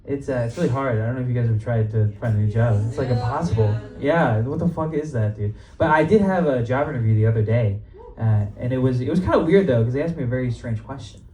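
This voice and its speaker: A man's voice: mid-range voice, fast, dark tone, faint music behind. A young man doing a stand-up comedy set in a club, casual and profane, laughing at his own jokes. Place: comedy club stage before a live audience. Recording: roomy live club sound, mic at a distance, crowd. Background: audience laughter and cheers.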